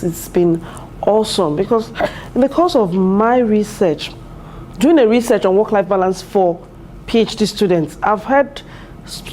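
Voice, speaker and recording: Earnest mellow-voiced woman in her thirties. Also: medium pitch, a little hiss or hum. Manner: earnest, heartfelt, with many fillers and restarts. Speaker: PhD student and mother. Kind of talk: interview testimonial. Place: university building.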